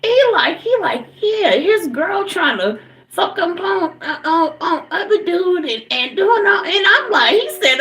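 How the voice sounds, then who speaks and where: A woman livestreaming as a tarot reader tells a story at a slow, drawn-out pace, with her high voice swooping all over the place. She curses freely, keeps calling out to her listeners, and breaks into loud laughter. The sound is roomy and echoey. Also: very animated. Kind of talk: casual storytelling to a live audience.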